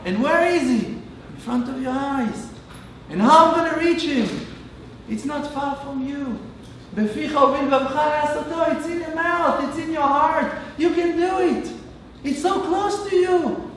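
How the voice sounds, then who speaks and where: Rabbi guy preaching, high voice, long rhythmic lists, far from the mic in a big echoey hall. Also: slight background noise. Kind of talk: sermon.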